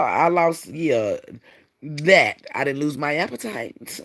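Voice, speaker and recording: A man's voice: fairly high pitch, very animated, takes it slowly, vocal fry, a bit bright. A man talking casually on his own livestream, blunt and rambling, swearing freely as he goes. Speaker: livestream host.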